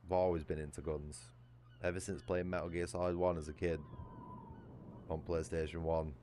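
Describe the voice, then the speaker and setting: A man's voice: low voice, level tone, normal speed, dark tone, a little hiss or hum. A British man chatting casually on a livestream, ranting with heavy swearing. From United Kingdom. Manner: profane, ranting.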